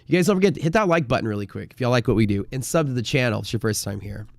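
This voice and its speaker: A man's voice: mid-range voice, animated, racing, gravelly, no echo, clean studio sound. A man hosting a live day-trading stream, chatting casually in a rambling way, full of fillers and the odd swear word.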